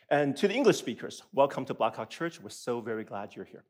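A man preaching a sermon as a pastor in a church, animated and playful, acting out his listeners' reactions. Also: mid-range voice, fast, hardly any pauses. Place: church auditorium.

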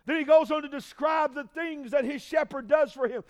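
High-voiced preaching pastor, booming and hushed. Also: male voice, normal speed. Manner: preaching with call-and-response, shouting peaks and dropping low. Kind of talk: sermon.

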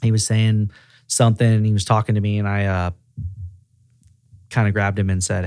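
A man's voice: on the low side, moderate pace, pauses often, dry recording, clean studio sound. A man who is a regional director of auto repair shops, speaking in a casual podcast interview and acting out the dialogue in his stories. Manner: animated storyteller acting out quoted dialogue.

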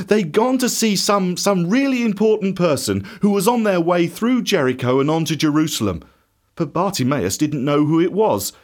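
A man narrating a children's Bible story in an expressive, animated way. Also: fairly high pitch.

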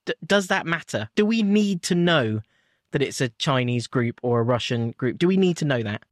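Man, casual panel talk, reflective, hedging with fillers, mid-pitched voice. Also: lively intonation, moderate pace, no room sound, studio quality. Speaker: panelist in a cybersecurity discussion.

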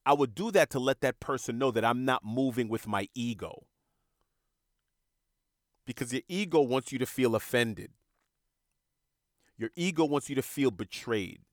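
A man's voice: mid-range voice, moderate pace, long pauses, no echo, clean studio sound. A man hosting a podcast, talking in an earnest, reflective monologue and repeating words as he searches for them. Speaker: podcast host.

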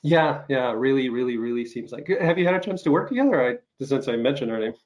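A man hosting an interview show, recovering from an illness and coughing now and then, speaking haltingly with many fillers and restarts. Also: mid-range voice, animated. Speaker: talk show host. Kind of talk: casual interview chat.

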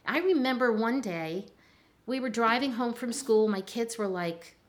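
An older woman, a chiropractor, talking in a relaxed interview and telling stories with lively acted-out voices. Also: fairly high pitch, unhurried. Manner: animated storyteller, acts out voices in anecdotes. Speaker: chiropractor guest. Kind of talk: conversational interview.

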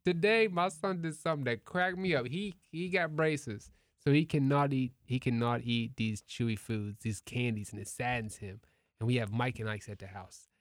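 A man in his thirties chatting casually on a podcast, telling animated stories about his kids and acting out family members in raised voices. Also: medium pitch, no room sound, studio quality. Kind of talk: casual chat.

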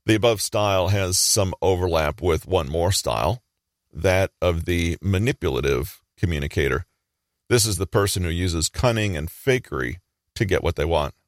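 A man giving a measured, explanatory scripted narration. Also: low-pitched, no room sound, studio quality.

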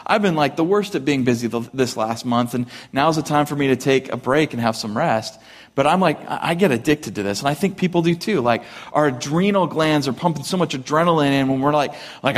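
A man in his thirties, a pastor preaching a casual, conversational sermon to his congregation, animated and joking with the room. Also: on the high side, fast talker. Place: church hall with live congregation. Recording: long hall reverb.

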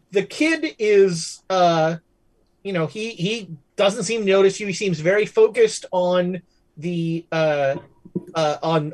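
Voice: medium pitch, a little mellow, poor audio. A game master running a tabletop horror game for players, talking loosely with many fillers and restarts.

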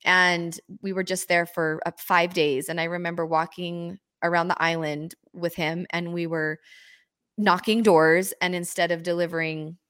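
A woman's voice: lowish voice, level tone, normal speed, fairly bright tone, clear, resonant tone, dry recording, clean studio sound. A woman in her thirties hosting an interview, sharing personal stories in a heartfelt way and asking questions. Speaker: host. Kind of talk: conversational interview.

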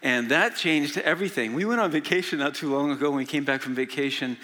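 A man's voice: on the high side, quick pace, pushed and bright. Older guy pastor preaching, folksy, lots of uh's, echoey big church. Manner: folksy storytelling with frequent "uh" fillers. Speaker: senior pastor. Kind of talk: sermon. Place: large church hall. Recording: long reverb of a large hall.

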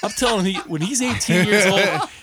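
A man's voice: high-pitched, moderate pace, very noisy. A man in casual chat, talking emphatically with heavy swearing and frequent "dude.". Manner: profane, emphatic, says "dude" a lot.

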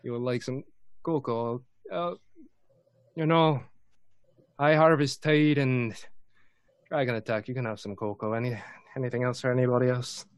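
A man's voice: medium pitch, fairly even intonation, moderate pace, pauses often, clean tone, no echo, close to an everyday voice. A man voicing a big, good-natured bald male innkeeper in a tabletop game, with a hesitant drawl. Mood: cheerful.

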